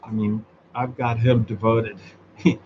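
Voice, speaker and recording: A man's voice: lowish voice, flat delivery, measured pace. A man hosting a casual talk show, speaking sarcastically, swearing freely and laughing often. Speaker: host of a motorized bicycle talk show. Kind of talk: casual solo chat. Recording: dull lo-fi sound with faint background noise.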